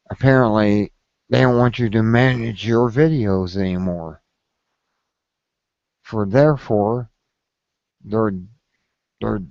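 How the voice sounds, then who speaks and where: A man complaining on a casual vlog in a slow, rambling and profane way. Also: fairly low pitch, darkish tone, no echo, highs cut off. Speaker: video blogger.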